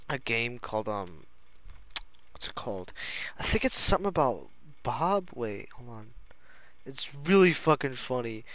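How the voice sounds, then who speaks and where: A man's voice: medium pitch, clear, resonant tone, no echo. A man chatting casually, rambling, giggling and swearing as he talks. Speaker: friend chatting. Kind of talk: casual chat.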